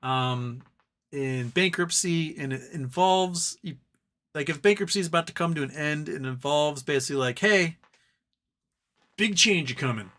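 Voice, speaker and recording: Guy ranting on his live stream, fired up, does silly voices when he quotes people, kinda high voice. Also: normal speed, fairly bright tone. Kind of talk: casual live stream commentary.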